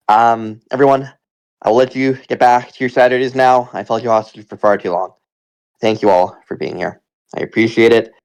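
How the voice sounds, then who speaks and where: A Canadian man hosting a casual community town hall, relaxed and jokey, rambling a little as he talks into a computer mic. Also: lowish voice, creaky. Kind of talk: casual live audio chat.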